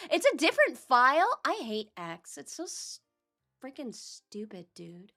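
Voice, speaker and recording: Slow, chatty woman streamer. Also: fairly high pitch, very animated, pushed and bright, faint music behind. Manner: chatty, talks to herself while searching files. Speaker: VTuber streamer. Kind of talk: casual livestream chat.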